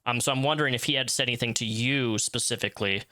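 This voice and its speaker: A man hosting a casual interview, incredulous and animated, often laughing as he questions his guest. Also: mid-range voice, fast talker. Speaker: interviewer, channel host.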